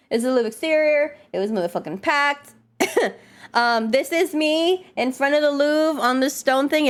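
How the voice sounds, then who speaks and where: A woman streamer chatting casually and fast, swearing a lot and answering her chat. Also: sits high.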